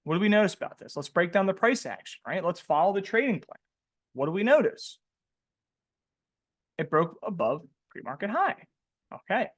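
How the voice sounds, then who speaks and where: A trading coach with a voice that sits high speaks at normal speed, with long pauses, in a live webinar. Animated, slangy, and joking, he asks the audience questions and tags "right?" onto nearly every line.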